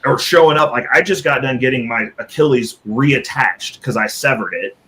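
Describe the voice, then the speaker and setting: A man's voice: medium pitch, moderate pace, sharp tone. A young man talking loosely and profanely in a casual panel debate, full of restarts and "like". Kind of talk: casual debate on a live stream.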